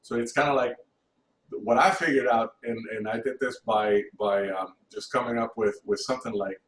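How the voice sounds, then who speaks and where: Casual male music teacher, halting delivery, counts beats out loud; distant mic with room echo and faint hum. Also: mid-range voice, fairly even intonation. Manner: halting, lots of restarts and counting aloud. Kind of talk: informal recorded lesson.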